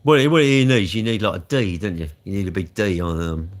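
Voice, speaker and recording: A man's voice: low-pitched, brisk. A man chatting casually on a live stream, answering comments and telling off trolls. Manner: chatty and rambling, scolding trolls with rising heat. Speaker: livestreamer answering chat comments.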